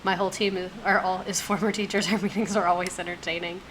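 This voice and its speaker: A woman in her twenties hosting a casual live stream, talking very fast and gasping for air between phrases. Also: on the low side, level tone, a bit bright, slight background noise, poor audio. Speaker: streamer host. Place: home streaming setup.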